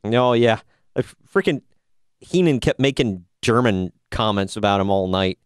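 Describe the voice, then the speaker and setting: Laid-back man with a smooth, dry voice. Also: on the low side, lively intonation, moderate pace, dry recording. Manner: laid-back, sarcastic, laughs often. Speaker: podcast host reviewing wrestling. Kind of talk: casual chat.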